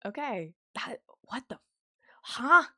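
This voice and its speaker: A young woman streamer chatting casually with her viewers while she draws, easily excited and quick to laugh. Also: fairly high pitch, vocal fry, no room sound, clean studio sound. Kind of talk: casual livestream chat while drawing.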